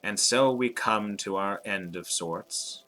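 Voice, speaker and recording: A man's voice: on the low side, slow, pushed and bright, faint music behind, poor audio. A man voicing a cryptic old-world bookseller. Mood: musing. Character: cryptic male bookshop keeper, calm and philosophical.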